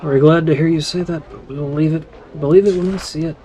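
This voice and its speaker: A man's voice: a little high, steady tone, fairly quick, warm tone, close to an everyday voice. A man reading aloud the lines of a timid servile woman villager in a game, in a nervous, quivering way. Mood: wary.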